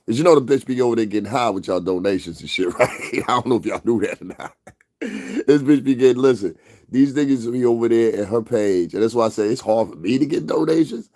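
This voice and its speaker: Man, somewhat low voice, profane rambling livestream rant, drawn-out emphasis. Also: a little mellow. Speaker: livestream host.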